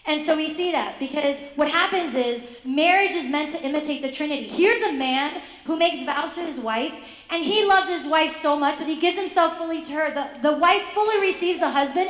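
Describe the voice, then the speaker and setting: High-voiced woman in an echoey hall. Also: fairly quick. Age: young adult. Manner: animated, acts out quoted voices, asks the audience questions. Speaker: speaker addressing high school students. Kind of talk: faith talk to students. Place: school hall.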